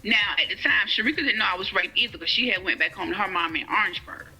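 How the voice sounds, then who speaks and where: Lady telling her story, bright husky voice, faint music under it. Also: mid-range voice, fast, low-quality recording. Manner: conversational, often asks "you get what I'm saying". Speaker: guest sharing her life story. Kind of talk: personal testimony in conversation.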